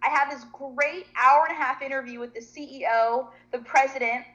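A woman guest tells her story in an animated, chatty way, acting out the other voices as she goes. Her voice is a bit high, and the sound is slightly dull. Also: normal speed. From Nashville, Tennessee. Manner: animated, chatty storyteller who acts out quotes. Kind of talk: casual storytelling.

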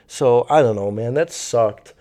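A man's voice: medium pitch, unhurried, warm tone. A young man telling a story in a casual, rambling way, swearing often and using many fillers. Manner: rambling, profane, full of fillers.

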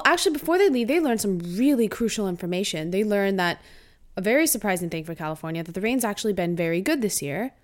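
A woman co-hosting a casual podcast, retelling a TV episode in an animated, laughing way. Her pitch sits in a middle range. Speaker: podcast co-host. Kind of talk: casual chat recapping a TV episode.

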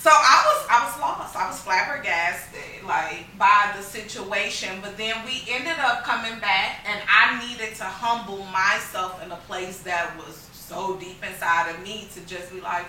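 A woman's voice: medium pitch, measured pace, hardly any pauses, a little hiss or hum. A young woman telling a story in a casual, slangy chat, acting out quotes as she goes. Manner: animated, slangy, acts out quotes. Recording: echoey room, mic at a distance.

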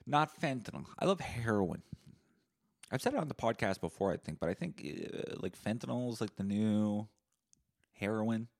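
A man hosting a solo podcast, rambling in crude deadpan humor. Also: fairly low pitch, normal speed. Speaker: podcast host.

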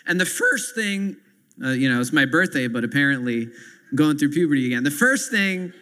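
A man's voice: sits high, pushed and bright. A man preaching a sermon as pastor, earnestly explaining scripture and stopping to add asides to his listeners. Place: church sanctuary. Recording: long hall reverb.

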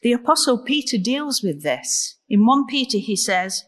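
A woman preaching a sermon in a slow, measured way and asking rhetorical questions. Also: a little high, very animated, slightly rough. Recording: long reverb in a large hall.

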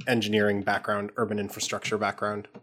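A man's voice: lowish voice, monotone, fast, fairly bright tone. A man talking casually as a player in a tabletop game, chatty and a bit hesitant.

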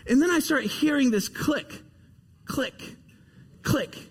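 High-voiced animated preacher man. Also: slow, long reverb tail. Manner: animated storytelling, repetitive and emphatic. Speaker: pastor. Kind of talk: sermon.

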